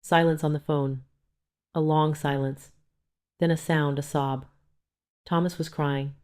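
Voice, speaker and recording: An older woman narrating a first-person story in a slow, emotional, confessional manner. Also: low voice, steady tone, darkish tone.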